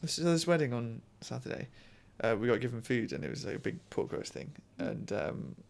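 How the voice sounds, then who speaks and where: A man chats on a casual podcast, telling offbeat, rambling anecdotes. His delivery is animated, and his pitch swings widely as he talks. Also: fairly quick, gravelly. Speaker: podcast co-host.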